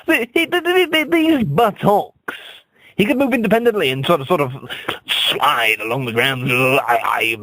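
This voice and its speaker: A man's voice: medium pitch, a bit bright, no room sound, poor audio. A man doing an absurd, mock-serious comic radio monologue, rambling and stammering over his own words.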